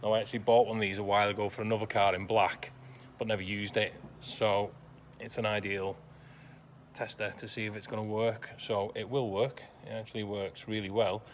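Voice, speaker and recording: A man's voice: lowish voice, flat delivery, fairly quick, a little hiss or hum. Dry, sarcastic man in a workshop. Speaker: classic car restorer. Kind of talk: workshop vlog narration.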